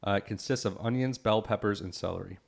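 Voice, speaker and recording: Young male co-host, low gravelly voice, easygoing chat, reads facts off his screen. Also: fast talker. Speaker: podcast co-host. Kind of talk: casual chat.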